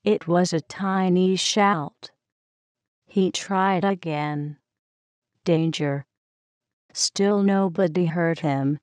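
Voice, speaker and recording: Woman narrating a kids' storybook, very slow and smooth, dry close sound. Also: lowish voice, steady tone, dry recording. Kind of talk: children's story reading.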